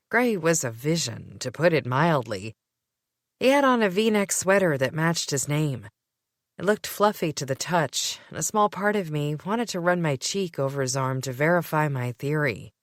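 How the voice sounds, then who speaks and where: A woman narrating a first-person audiobook with expressive, sardonic delivery. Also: low-pitched, no echo, studio quality.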